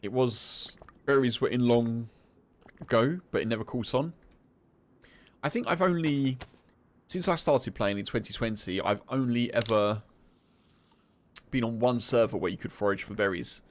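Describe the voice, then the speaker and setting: A man's voice: medium pitch, normal speed, pauses often. Chatty British man streaming. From United Kingdom. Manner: chatty, explains slang to chat. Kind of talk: casual livestream chat.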